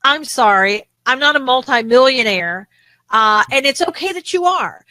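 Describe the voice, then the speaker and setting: Bright indignant woman co-host. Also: high-pitched, moderate pace, dry recording, rough recording. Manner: animated, indignant, many restarts. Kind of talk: casual political talk show chat.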